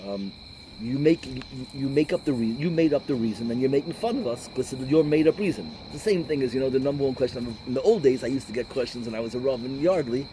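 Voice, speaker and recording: A middle-aged man, a rabbi, giving an informal talk full of stories, combative and animated, sprinkling in Yiddish and Hebrew words. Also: mid-range voice, quick pace, a little hiss or hum, poor audio. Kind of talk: informal lecture with storytelling.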